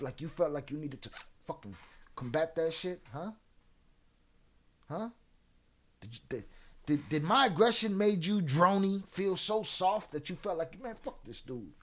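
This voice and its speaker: A man hosting a livestream, taunting and trash-talking trolls in the chat in a drawling, streetwise way. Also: fairly high pitch. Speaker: livestream host. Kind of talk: live-stream chat with viewers.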